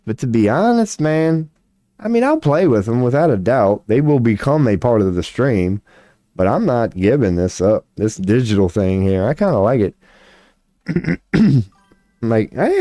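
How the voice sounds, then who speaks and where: A man live-streaming tarot readings, chatting casually and reading chat aloud, his voice going hoarse as he keeps clearing his throat. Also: medium pitch, dark tone, no room sound. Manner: rambling, swears casually, laughs often, reads chat aloud.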